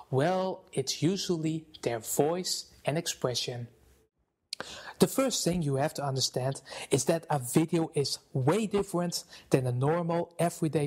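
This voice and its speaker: A man giving instructional talk to camera on presentation skills, expressive and deliberate, switching between loud and soft. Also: a little high, slightly rough.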